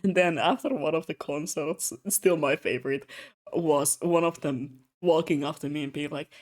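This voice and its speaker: Young animated streamer telling stories. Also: mid-range voice, moderate pace. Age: young adult. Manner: animated storyteller, laughs often; rambling, many fillers and asides. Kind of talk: casual chat while drawing.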